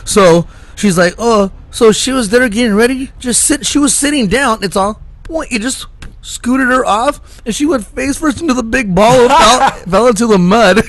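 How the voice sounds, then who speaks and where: A man's voice: extremely high pitch, moderate pace, a bit bright. A man hosting a podcast, telling loose stories in casual chat, laughing often and leaning on "like" and "dude". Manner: rambling storyteller, laughs often, full of "like" and "dude". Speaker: podcast host.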